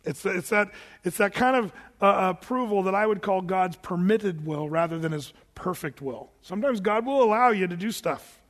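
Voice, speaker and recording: A male preacher with a high voice tells a story in a loose, conversational way, full of restarts and asides. His voice carries a long reverb, as in a large hall. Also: normal speed. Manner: animated, conversational storytelling with fillers and repeats. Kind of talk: sermon.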